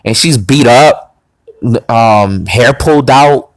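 A podcast host tells a personal story in a casual monologue, blunt, crude and boastful. His mid-range voice moves slowly, and the recording is dry and of low quality.

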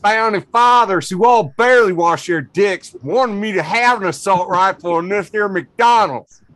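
Loud Southern redneck man, put on by a host, brash, high and punchy. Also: normal speed. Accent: American Southern (put on). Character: male redneck reading a crude post.

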